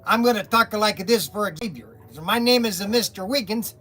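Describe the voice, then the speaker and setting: A man imitating a fussy, bumbling middle-aged boss, with a slow, mock-formal delivery. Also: high-pitched, pushed and bright.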